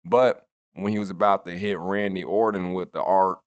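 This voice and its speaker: A man's voice: deep voice, steady tone, normal speed, smooth, dry recording, muffled recording. A man in his twenties giving a rambling, profane, casual recap of a wrestling show. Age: 20s. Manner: rambling, profane, laid-back.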